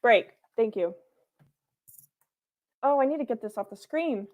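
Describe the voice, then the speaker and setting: A woman's voice: fairly high pitch, lively intonation, measured pace, background noise. A woman hosting a livestream from home, giving viewers an earnest, repetitive pep talk with playful asides. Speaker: livestream host.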